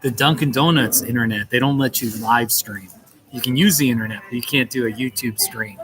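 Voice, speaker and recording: A man's voice: medium pitch, brisk, crowd noise, poor audio. A man chatting casually on a live stream from a coffee shop, greeting viewers by name in a playful, chuckling way.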